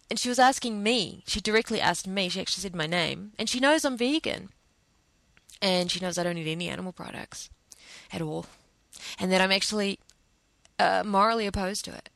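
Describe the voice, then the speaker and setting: Woman, vlog storyteller, emotional and halting, slight vocal fry. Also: mid-range voice, fairly bright tone, no room sound. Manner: emotional, hesitant, many restarts. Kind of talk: personal storytime monologue.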